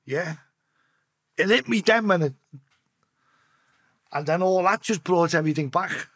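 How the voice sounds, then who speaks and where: A man's voice: high voice, measured pace, fairly bright tone. A man telling an emotional story on a podcast, speaking bluntly and swearing freely. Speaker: podcast guest. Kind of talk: emotional storytelling in casual chat.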